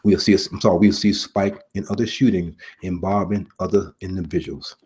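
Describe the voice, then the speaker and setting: Husky-voiced man preaching earnestly. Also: low-pitched, fairly even intonation, a little mellow. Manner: earnest, repetitive preaching with pauses. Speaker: preacher, former police officer. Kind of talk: sermon-style message.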